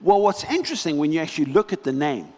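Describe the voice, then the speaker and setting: A male pastor delivers a sermon with lively, dramatic storytelling, pausing for weight on key lines. His voice sits somewhat high for a man. The sound carries a long reverb tail from a church hall. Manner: animated storytelling, dramatic pauses.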